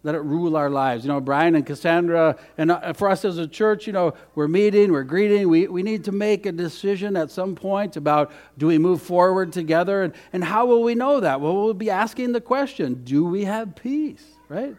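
A man preaching a sermon in an earnest way, repeating phrases and swinging between loud emphasis and hushed, quiet lines. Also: sits high, normal speed, hardly any pauses. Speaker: pastor.

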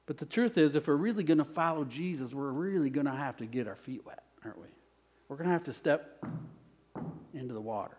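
A pastor preaching a sermon, moving between hushed lines and loud, emphatic calls. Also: male voice, medium pitch, expressive, a little fast, husky. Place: church.

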